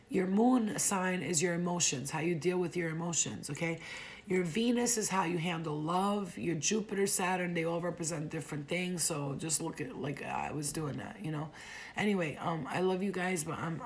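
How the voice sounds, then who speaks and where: Low, gravelly woman on a livestream. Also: slight background noise. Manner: loose, rambling and profane. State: feeling like she is getting sick. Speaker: livestream host. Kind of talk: casual livestream chat.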